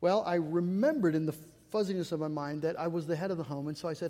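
A man's voice: fairly high pitch, fast, long reverb tail, background noise. A middle-aged man preaching a sermon, earnest and storytelling with self-deprecating humor. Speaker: pastor.

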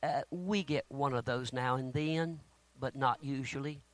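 A male preacher telling stories from the pulpit, animated and prone to sudden loud bursts. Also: mid-range voice, unhurried, no room sound. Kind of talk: sermon storytelling.

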